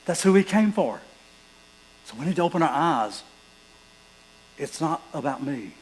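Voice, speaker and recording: A male pastor preaching a sermon, reading scripture aloud and building to fervent, loud passages. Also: a little high, animated, unhurried, a little hiss or hum, low-quality recording.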